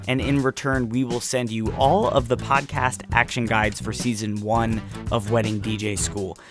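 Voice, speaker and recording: Podcast host man over clear music. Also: mid-range voice. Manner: friendly, promotional, reads calls to action. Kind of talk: podcast interview and outro. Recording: music audible behind voice.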